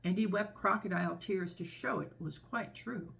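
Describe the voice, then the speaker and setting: A woman reading a children's story aloud with expressive, gentle storybook narration. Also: on the low side, normal speed, creaky.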